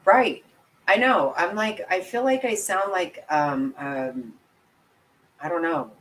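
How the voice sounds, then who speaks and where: Chatty and giggly, a commentary channel host talks with viewers on a casual livestream, often making fun of herself. She speaks slowly in a lowish, fairly bright voice. The recording quality is rough.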